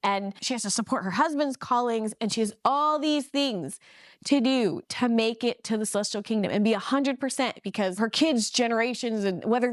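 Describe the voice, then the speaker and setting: A middle-aged woman telling a personal story in a casual, animated way, acting out the people she quotes. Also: fairly high pitch, no echo, studio quality. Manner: animated, acts out quoted voices. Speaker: ex-Mormon storyteller.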